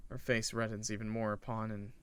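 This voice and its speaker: A man's voice: on the low side, little pitch movement, fairly quick, clear, resonant tone. A man reading a visual novel aloud as a gaming streamer, with joking asides to his chat. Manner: narrates, then cracks joking asides to chat. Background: loud game music.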